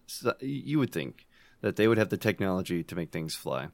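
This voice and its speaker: A relaxed young American man with a fairly low voice, hosting a casual podcast and chatting loosely with a friend. He jokes around and laughs easily. The sound is dry and close, with no room echo. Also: fairly quick. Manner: laid-back, joking, giggly. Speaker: podcast co-host. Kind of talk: casual beer-drinking podcast chat.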